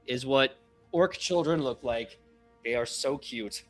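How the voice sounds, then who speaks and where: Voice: mid-range voice, slow pace, faint music behind. A game master narrating a tabletop game in a playful, chatty way, with frequent fillers and restarts. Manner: animated, playful, with fillers and self-corrections.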